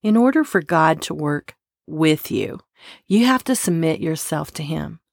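A woman's voice: low voice, lively intonation, a little slow, gravelly, dry recording, studio quality. A woman giving an earnest, encouraging daily devotional talk, asking listeners to work with God. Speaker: devotional speaker.

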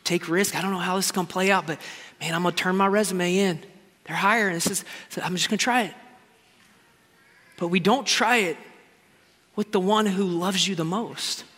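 A man preaching a sermon with passion, moving between loud exclamations and quiet asides. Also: high-pitched, steady tone, moderate pace, long pauses. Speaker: pastor. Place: large church hall. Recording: long hall reverb with faint music.

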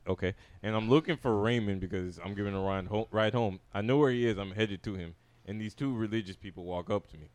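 Fast-talking young man telling a story. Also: fairly low pitch, no room sound. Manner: fast, animated anecdote telling with quoted dialogue. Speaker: podcast co-host. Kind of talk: casual storytelling among friends.

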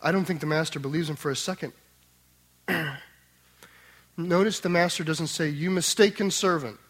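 A man preaching a sermon, swinging between loud emphatic passages and quiet tender asides. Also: a little high, fairly even intonation, unhurried. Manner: acts out the master's voice in quotes. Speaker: pastor.

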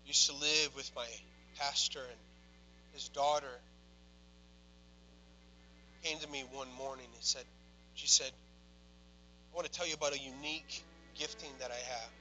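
A young man preaching a sermon, telling a personal story quietly, then building to loud, impassioned preaching. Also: medium pitch, fairly even intonation, moderate pace, long pauses, soft background music, poor audio.

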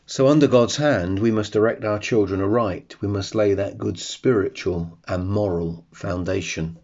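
A man hosting a devotional podcast, reading and reflecting on a psalm in a slow, measured way. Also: lowish voice, a little mellow, highs cut off. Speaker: podcast host.

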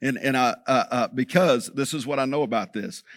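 A man's voice: mid-range voice, brisk, no echo, clean studio sound. A man preaching a sermon as pastor, talking conversationally and checking in with the congregation.

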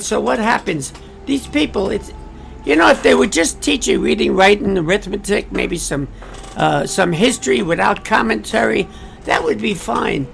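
A man's voice: high voice, creaky, fairly bright tone. A man giving a political commentary monologue, emphatic and repetitive, with rhetorical questions and asides to his listeners.

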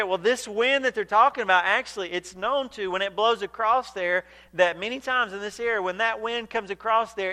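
A male pastor preaching a sermon, animated and emphatic, acting out scripture as he paraphrases it. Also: high voice.

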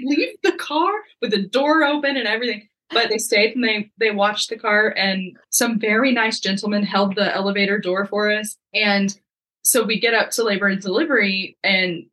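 A young woman with a bright, forward voice, sharing a story in a relaxed and chatty way. She keeps things lively and plays out other people's dialogue as she talks. Her voice sits at an average pitch for a woman. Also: moderate pace, poor audio. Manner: lively, acts out quoted dialogue. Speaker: podcast guest. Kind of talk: casual storytelling.

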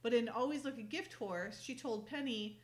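A woman's voice: a little high, moderate pace. Chatty woman recapping a show. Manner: chatty, laughs often, acts out quoted lines. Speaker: podcast co-host recapping a TV episode. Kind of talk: casual chat.

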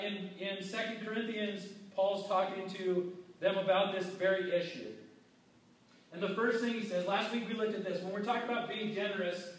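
A man's voice: high-pitched, a little hiss or hum. A man preaching a sermon as pastor, talking casually and acting out quoted people. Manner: conversational preaching, acts out quotes. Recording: echoey hall from far off.

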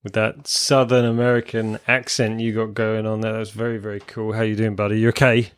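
A man's voice: on the low side, flat delivery, fairly quick, clear, resonant tone, no room sound. A man co-hosting a music podcast in easygoing, friendly casual chat. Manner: easygoing, friendly, laid-back. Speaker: podcast co-host.

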